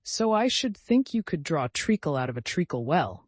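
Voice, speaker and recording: A man's voice: fairly high pitch, big pitch swings, moderate pace, dry recording, voice pushed up. A man reading an audiobook, voicing a rude, smug grown man who snipes triumphantly. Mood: snide. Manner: snide, triumphant. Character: rude, smug adult male hatter.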